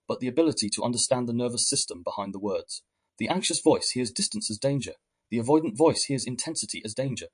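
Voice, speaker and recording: Husky-voiced man narrating calmly. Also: medium pitch. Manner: measured, explanatory, reflective. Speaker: podcast host. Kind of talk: scripted reflective narration.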